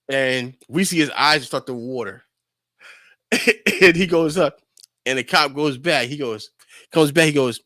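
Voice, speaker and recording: A young man on a podcast, casually telling a lively story and acting out his friends' lines, with lots of filler words. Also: mid-range voice, unhurried, no echo, clean studio sound. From New York. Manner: animated storyteller, acts out friends' voices, lots of "like". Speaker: podcast co-host.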